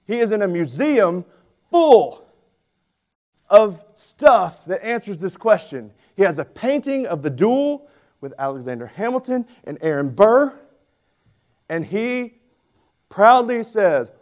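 A pastor in his forties preaches a sermon to his church. He tells stories in an animated, emphatic way, and his voice sits somewhat high for a man. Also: takes it slowly, pauses often.

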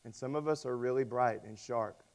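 A man preaching a sermon, telling stories and acting out quoted voices with lively emphasis. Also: medium pitch, moderate pace. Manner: storytelling with dramatic voiced quotes; animated, rising loud on emphasis. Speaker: pastor.

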